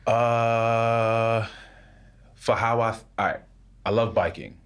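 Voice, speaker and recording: A young adult man, a podcast guest, telling a story in a casual, halting way, full of repeats and "like". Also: medium pitch, steady tone, a bit bright, clean tone.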